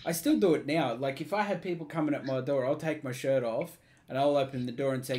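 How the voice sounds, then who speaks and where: An Australian man chatting as a co-host, spinning loud, profane stories with plenty of energy. His voice sits at a middle pitch over a faint background hiss. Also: fast talker. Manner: swears freely, tells animated stories. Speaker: podcast co-host. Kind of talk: casual chat.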